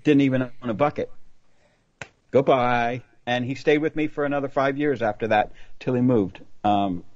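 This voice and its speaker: A man hosts a podcast in a relaxed, rambling storytelling way and circles back with "long story short." His voice is dry and close, with a dull, slightly lo-fi sound. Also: medium pitch, normal speed, no echo. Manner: rambling anecdote-teller, keeps saying long story short. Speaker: podcast host. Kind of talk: casual storytelling chat.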